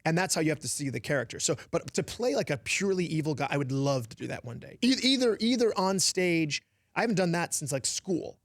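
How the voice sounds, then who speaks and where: A lively man in his forties talking as an interview guest, his voice sitting a bit high and full of quick laughs and restarts. The studio sound is dry and close. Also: no echo. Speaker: actor and comedian, guest. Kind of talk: casual interview chat.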